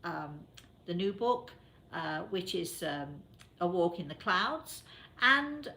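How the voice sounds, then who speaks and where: Chatty British woman host, lowish voice. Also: big pitch swings, slow pace. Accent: British English. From England. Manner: chatty, warm addressing listeners, many fillers. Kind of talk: casual radio show talk.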